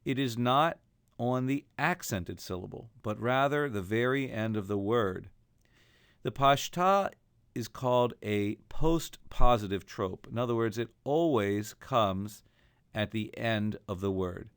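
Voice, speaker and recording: A man's voice: mid-range voice, unhurried, clean tone, dry recording. A man teaching a recorded lesson on chanting Torah trope, explaining each mark and then singing the examples.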